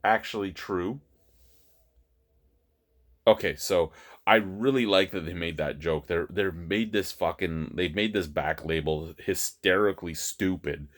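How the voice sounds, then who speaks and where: A man reviewing beer on camera in a casual, crude and joking way, recorded indoors at home. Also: deep voice.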